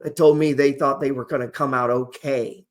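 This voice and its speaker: A man's voice: medium pitch, fairly even intonation, moderate pace, noisy background. A man hosting an investing channel, talking casually and motivationally to camera in a rambling, profane, slangy storytelling way.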